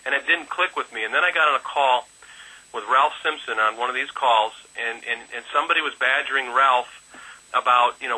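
A man's voice: medium pitch, a little fast, bright, forceful tone, breathy edge, low-quality recording. A man who works as an insurance agent, telling a rambling personal story on a phone conference call, full of fillers and restarts. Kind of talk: casual testimonial.

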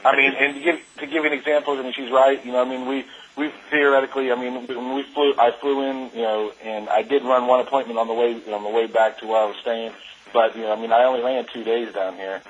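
An insurance agent, a man, describing his appointments in an animated way, full of "I mean" and "you know", on dull lo-fi call audio. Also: medium pitch, fast, slight background noise. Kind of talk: casual call describing field work.

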